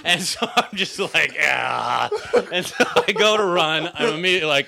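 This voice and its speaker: A man's voice: on the high side, normal speed, creaky, hardly any pauses, a crowd in the background. A man telling funny stories in a casual podcast chat, laughing often and acting out what people said. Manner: animated, laughs often, acts out quotes.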